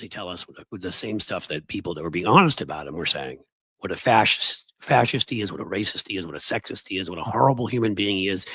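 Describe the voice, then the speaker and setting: A man's voice: a bit bright, husky, no room sound. Heated, sarcastic male political commentator. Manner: sarcastic, heated, swinging pitch.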